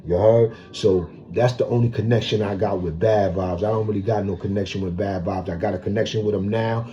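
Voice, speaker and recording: Bronx man, New York accent, low mellow voice, dull lo-fi sound, casual street storytelling with lots of slang. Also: fairly even intonation, brisk. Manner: street slang, repeats "you heard?". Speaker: vlogger telling prison stories.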